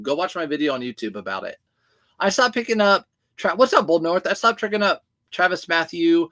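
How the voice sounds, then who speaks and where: A man's voice: on the high side, a bit bright. A man who resells clothing, hosting a casual livestream and chatting as he answers viewer comments.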